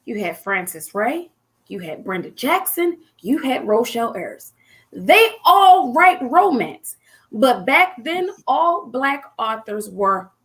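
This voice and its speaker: A woman in her forties hosting a casual chat, telling stories in a bubbly, excited way. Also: high voice. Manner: bubbly, animated storyteller. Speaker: host.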